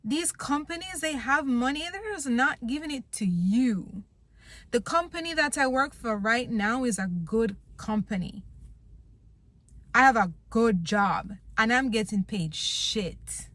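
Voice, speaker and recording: A young woman vents bluntly to camera in a vlog about wanting to quit her job, frustrated and swearing a lot. Her fairly high voice is a bit bright, with lively intonation and a measured pace. No echo in the recording.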